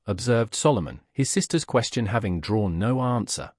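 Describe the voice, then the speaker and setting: A man reading a classic novel aloud as an audiobook narrator, in a measured, expressive way. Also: lowish voice, no room sound, studio quality. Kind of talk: scripted narration.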